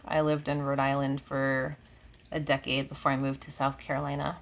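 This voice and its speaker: On her live stream, a reiki healer from New York with a slight Southern drawl talks in a low, gravelly voice at normal speed, her delivery completely flat. Chatty and drifting from one comment to the next, she reads and answers viewers while laughing often. A faint hum of room noise comes from her air-conditioned home room.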